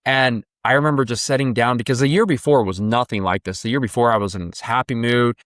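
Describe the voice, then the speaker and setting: A man's voice: mid-range voice, fairly even intonation, fast talker, fairly bright tone, no room sound, studio quality. A man hosting a podcast, reflectively telling a personal story in a casual, emotional way. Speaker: podcast host. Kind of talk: casual interview conversation.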